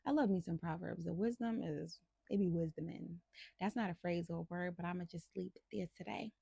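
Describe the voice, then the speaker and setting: A woman's voice: lowish voice, fairly quick, creaky, mellow, breathy edge, dry recording. A woman hosting a casual Bible devotional, talking to listeners in a chatty, playful and encouraging way. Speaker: host of a faith devotional channel.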